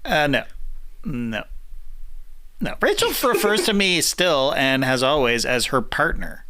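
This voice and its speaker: A man's voice: fairly high pitch, sing-song, a little slow, bright, forceful tone. A man co-hosting a casual podcast, joking and steering the conversation. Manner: joking, drives the conversation along. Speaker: podcast co-host. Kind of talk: casual chat.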